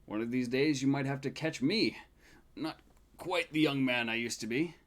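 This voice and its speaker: A man voicing a tall, loving old grandfather with a deep, booming voice, gentle and teasing, for a tabletop game. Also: normal speed, lightly acted.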